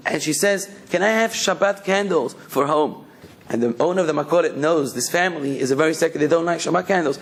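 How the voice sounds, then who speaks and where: A male rabbi telling a story in a sermon and then urging his listeners. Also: on the high side.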